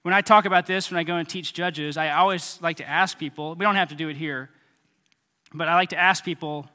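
Man, pastor, very bright voice, lively sermon, long hall reverb. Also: on the high side, brisk. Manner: animated preaching with sound effects and acted-out voices. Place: church hall.

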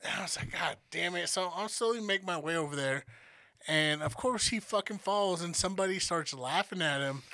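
A man co-hosting a podcast, telling an animated, profane story and acting out what people said. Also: sits high, brisk, dry recording. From Denver area, USA. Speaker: podcast co-host. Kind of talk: casual storytelling chat.

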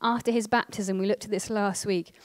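A woman in her thirties giving a conversational teaching talk as a prayer ministry trainer, chatty, with quick asides and tag questions. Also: mid-range voice, steady tone.

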